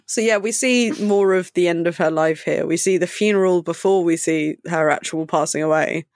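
A woman co-hosting a casual book discussion podcast, speaking in a thoughtful, wry and measured way. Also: fairly low pitch, a little mellow. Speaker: podcast co-host.

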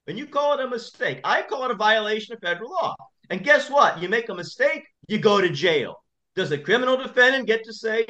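Animated male attorney, lo-fi sound. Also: high-pitched, brisk. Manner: emphatic, repetitive storytelling. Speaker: attorney guest. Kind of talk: interview conversation.

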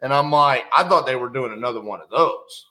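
A man's voice: medium pitch, brisk, bright, forceful tone. A man hosting a podcast, chatting casually with his guest and retelling a story. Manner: conversational, lots of fillers and restarts. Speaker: podcast host. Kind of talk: casual interview chat.

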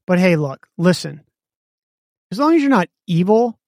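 A man with a high-pitched voice co-hosts a business podcast, speaking at normal speed in clean studio sound with no echo. He tells stories animatedly, acting out both sides of conversations.

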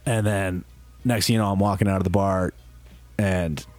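A young man with a lowish voice spins a long, swearing-laced story on a casual podcast. He rambles and restarts, then slips into the voices of the people in his story. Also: fairly even intonation, normal speed, darkish tone, soft background music. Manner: profane, rambling storyteller who acts out quotes. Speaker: podcast co-host.

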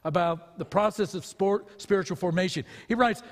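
A man's voice: sits high, normal speed, few pauses, in a large hall. A man preaching a sermon as pastor, earnest, with rhetorical questions to his listeners.

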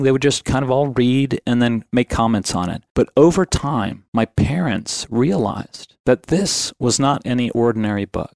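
A man in his fifties, a podcast guest, telling his life story in an earnest, reflective way and often clearing his throat. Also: medium pitch, darkish tone, no room sound, clean studio sound.

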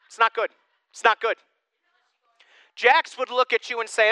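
Energetic, forceful young preacher. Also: male voice, very high voice, unhurried, clear, resonant tone, no room sound, rough recording. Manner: animated, joking, conversational. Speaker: pastor. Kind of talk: sermon.

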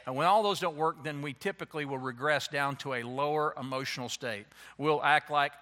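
A man preaching a sermon as a pastor, animated and slipping into playful voices to act out excuses. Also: fairly high pitch, a little fast. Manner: animated, acts out quoted excuses in changing voices.

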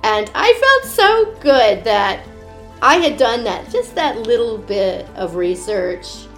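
A lively woman tells stories from her days as a children's party performer. Her voice sits a little high and bounces around a lot as she laughs her way through. Faint music plays in the background. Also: takes it slowly. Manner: animated, laughs often, acts out voices. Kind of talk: casual personal storytelling.

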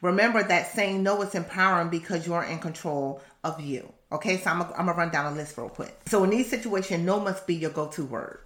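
A woman reading from her own book on a podcast, assertive and animated, breaking off into laughing asides. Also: fairly low pitch, brisk, hardly any pauses, reverberant. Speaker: author and podcast host.

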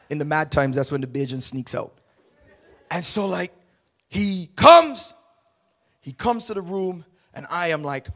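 Middle-aged male preacher with a high-pitched voice, dramatic storyteller who jumps from hushed to loud. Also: normal speed. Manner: animated, dramatic storytelling that swings between quiet asides and loud bursts. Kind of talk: sermon storytelling.

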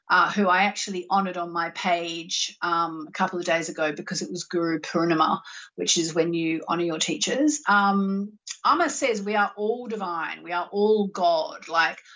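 A woman's voice: medium pitch, a bit bright. Chatty Australian woman host. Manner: chatty and rambling, with filler words. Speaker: spiritual live-show host. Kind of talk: casual live-stream chat. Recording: muffled lo-fi recording.

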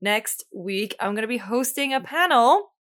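A woman's voice: fairly high pitch, lively intonation, normal speed, a bit bright. A woman co-hosting a casual gaming podcast, talking in a bubbly, playful way. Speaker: podcast co-host and games presenter.

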